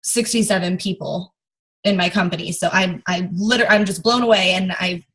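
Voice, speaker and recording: A woman leading a team training on a video call, chatty and rambling, with fillers and quick bursts of speech. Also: lowish voice, fairly even intonation, fairly bright tone, low-quality recording. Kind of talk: casual chat.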